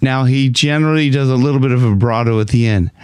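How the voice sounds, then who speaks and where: A man teaching a casual singing lesson, explaining in a laid-back, rambling way and often clearing his throat. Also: mid-range voice, fast, dry recording. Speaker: vocal coach.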